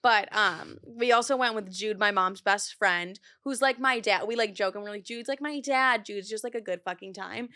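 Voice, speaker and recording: A woman's voice: medium pitch, normal speed, hardly any pauses, bright, forceful tone, dry recording, studio quality. A young woman in her twenties hosting a podcast, chatting casually, filling her talk with "like" and swearing freely. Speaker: podcast host. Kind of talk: casual chat.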